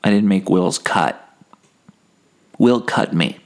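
A man hosting a comedy podcast, telling a rambling, deadpan monologue full of self-corrections and dark punchlines. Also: fairly low pitch, slow. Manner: escalates mundane stories into dark punchlines. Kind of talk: absurdist comic monologue.

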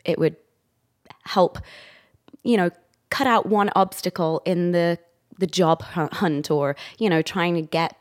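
An English woman, an actor and director, chats as a podcast guest in a casual interview, rambling and laughing easily. Her voice is fairly low and a little slow.

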